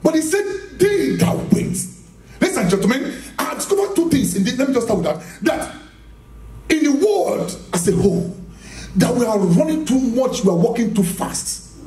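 Male preacher, lively swooping pitch, mellow voice, echoey church hall, distant mic. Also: normal speed. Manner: emphatic, repeats phrases, rhetorical questions to the audience; laughs often while preaching. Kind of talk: charismatic sermon.

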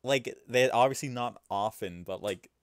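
A young man casually commenting on his gameplay while streaming, chatty and self-mocking, laughing at himself and swinging between mumbles and loud outbursts. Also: medium pitch, moderate pace, no room sound.

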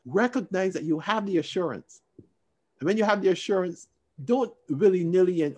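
A man with a fairly high voice teaching a Bible study over a video call. He talks in an expressive, emphatic way, lifting his voice to stress a point and then dropping into quiet asides. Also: moderate pace. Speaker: Sunday school teacher.

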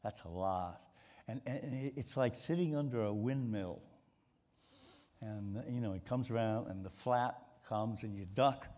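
Older guy, mid-atlantic accent, lowish voice, rambly storytelling with lots of repeats. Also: a little slow, dark tone. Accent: mid-Atlantic American. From Baltimore, USA. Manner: storytelling, with frequent repeated words. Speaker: guest, sports writer. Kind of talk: stage conversation. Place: stage before a live audience.

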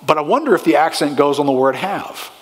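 A man's voice: fairly high pitch, expressive, brisk. A male pastor preaching a sermon with emphatic, rising delivery, often asking the congregation questions. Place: church sanctuary. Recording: long hall reverb.

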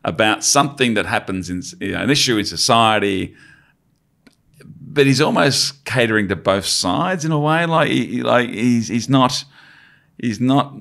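A man's voice: medium pitch, lively intonation, vocal fry, fairly bright tone. A middle-aged man from Australia, a comedian chatting casually as a podcast guest, trailing off and restarting often. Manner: halting, many restarts and fillers.

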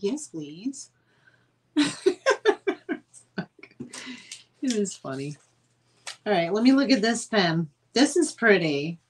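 A woman's voice: mid-range voice, a little mellow, husky. A woman, hosting a live sale stream and chatting in a rambling, casual way with lots of fillers.

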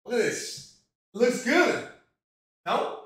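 A man's voice: very high voice, sing-song, extremely slow, a bit bright. A young man from Mexico streaming live while he cooks, chatting casually in a rambling, profane way full of fillers. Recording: roomy home echo.

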